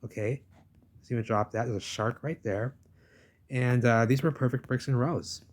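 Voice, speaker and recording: A man's voice: mid-range voice, steady tone, normal speed. A man recording a casual walking-tour vlog outdoors in a village, ranting insistently at the camera and repeating himself. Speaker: vlogger filming a village walk.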